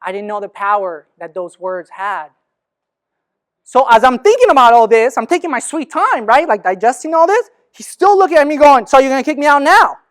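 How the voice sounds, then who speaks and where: Lively man in his thirties telling a story. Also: very high voice, moderate pace. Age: 30s. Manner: animated, laughing storyteller who acts out dialogue. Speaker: speaker on after-school programs. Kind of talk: storytelling talk.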